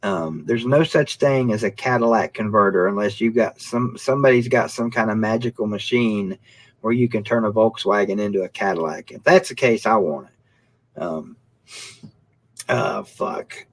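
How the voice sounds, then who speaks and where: Joking, cussing live-stream host. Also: male voice, on the low side, moderate pace. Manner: profane, joking, reads comments. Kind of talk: casual live-stream chat.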